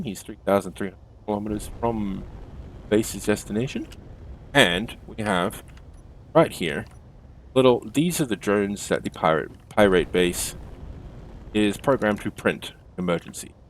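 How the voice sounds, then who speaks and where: Low-voiced man hosting a game stream. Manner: chatty, self-correcting, laughs easily. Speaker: stream host. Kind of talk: casual game stream commentary.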